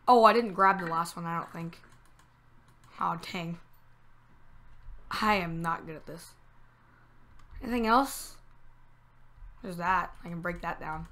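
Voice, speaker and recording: Bright-voiced woman narrating a game excitedly. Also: mid-range voice, measured pace, long pauses. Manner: excitable, talks to the game, sudden squeals and groans. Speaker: gameplay commentator. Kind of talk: casual let's-play commentary.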